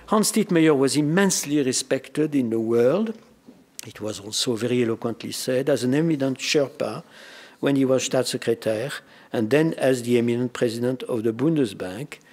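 Husky older man with a French accent. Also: mid-range voice, darkish tone. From France. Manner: measured, formal, with dry anecdotes and frequent "uh" hesitations. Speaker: speaker at a memorial colloquium. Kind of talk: formal commemorative speech.

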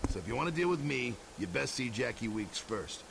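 Wasteland parts trader, gravelly, blunt, game audio, heavy background noise. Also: male voice, medium pitch, sing-song, a little fast. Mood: gruff. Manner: blunt, matter-of-fact. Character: gruff male vehicle parts trader in a wasteland town. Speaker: game character. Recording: game audio under loud engine noise.

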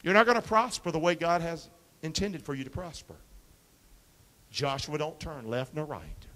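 A man preaching a sermon as pastor, quoting scripture and calling for responses from the congregation, shifting between quiet asides and loud emphatic lines. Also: on the high side, expressive, moderate pace. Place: church sanctuary. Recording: long reverb of a hall.

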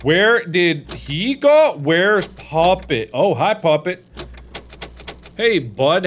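Excitable man rambling over a game. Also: sits high, extremely slow, slight background noise. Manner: excitable and rambling, with silly baby talk. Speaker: gaming video host. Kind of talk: horror game let's play commentary.

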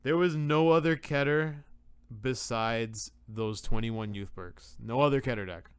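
A man with a smooth, resonant voice and a mid-range pitch, recorded close and dry. He reads off lists in a plain, matter-of-fact way. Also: unhurried, no echo. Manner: matter-of-fact, reading out results. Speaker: podcast co-host. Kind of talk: casual podcast chat.

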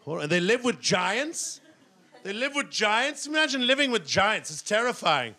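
A middle-aged man doing stand-up comedy on stage, rambling and self-mocking, now and then bursting into shouted voices. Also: sits high, big pitch swings, normal speed. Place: comedy stage before a laughing audience.

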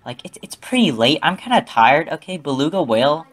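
A man's voice: on the high side, sing-song, a little fast, fairly bright tone. A young man telling a rambling, profane story in casual talk, often adding "okay?".

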